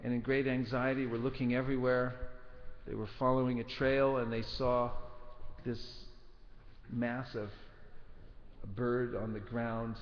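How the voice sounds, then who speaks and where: A man giving a scripture class, telling a story in an earnest, measured way. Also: mid-range voice, little pitch movement, slight background noise. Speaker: spiritual teacher. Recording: dull recording in a reverberant hall.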